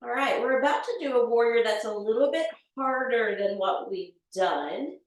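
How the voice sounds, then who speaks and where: A woman teaching a yoga class, calmly cueing poses and breaths step by step. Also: on the high side, normal speed. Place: yoga studio. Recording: echoey room, voice from far off mic.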